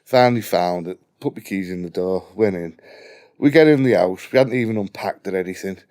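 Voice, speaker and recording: Give me a low-voiced man with a broad Liverpool accent, telling a blunt, sweary story. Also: a little fast, a little mellow. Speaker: guest storyteller. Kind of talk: casual anecdote with swearing.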